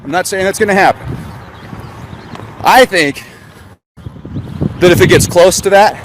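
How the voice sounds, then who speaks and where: A man's voice: high-pitched, noisy background. A man livestreaming from his car, rambling casually with sarcastic rhetorical questions. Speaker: conspiracy vlogger. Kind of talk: casual livestream chat while driving.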